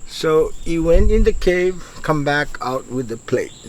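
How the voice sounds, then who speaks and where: Slow-spoken island man telling a legend. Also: on the high side, expressive, slight background noise, poor audio. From Yap, Micronesia. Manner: unhurried, simple broken English with pauses and restarts. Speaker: storyteller.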